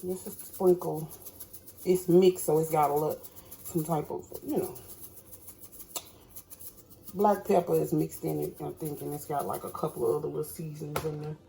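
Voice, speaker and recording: A woman's voice: deep voice, little pitch movement, moderate pace, creaky, long pauses, warm tone. Lady talking y'all through her cooking, home kitchen, faint hiss. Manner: chatty, addresses viewers as y'all. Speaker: cooking vlogger. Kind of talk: casual cooking demonstration.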